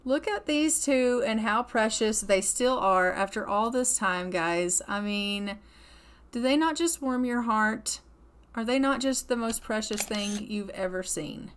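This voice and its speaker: A woman chatting affectionately as she narrates a life-sim game, often laughing. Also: mid-range voice. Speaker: gameplay commentator. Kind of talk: casual let's-play commentary.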